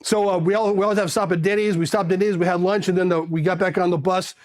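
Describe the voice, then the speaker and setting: Animated man telling his own story. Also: high voice, rapid-fire. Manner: animated, acts out quoted voices. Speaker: interview guest. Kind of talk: casual storytelling.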